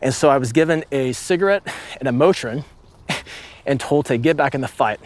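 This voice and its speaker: A man in his late thirties, a former marine sniper, telling a story in casual conversation, rambling with lots of "like" and acting out shouts. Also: medium pitch, moderate pace. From United States. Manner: rambling, with many "like" fillers and vivid acted-out shouts.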